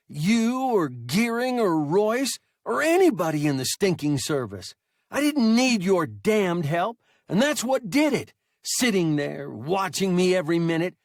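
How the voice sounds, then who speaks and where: A man voicing an injured young male pilot, bitter and hysterical, in a thin, high, whining voice with shrill outbursts. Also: no echo, studio quality, heavily acted.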